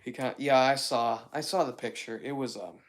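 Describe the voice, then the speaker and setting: A man's voice: mid-range voice, a little fast. A young man hosting a casual livestream, chatting with viewers in a rambling, self-mocking way full of fillers. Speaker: livestream host.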